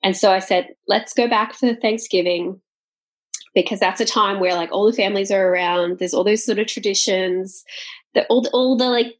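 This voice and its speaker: A woman's voice: mid-range voice, moderate pace. A woman co-hosting a casual podcast chat, talking freely with many fillers and frequent laughs. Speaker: podcast co-host.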